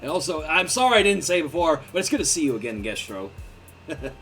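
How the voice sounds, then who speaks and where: A man hosts a loose voice chat in a goofy, teasing way, with a high voice that jumps all over. Faint music plays behind him. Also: big pitch swings, quick pace, fairly bright tone. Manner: playful, goofy, laughs often. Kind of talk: casual chat.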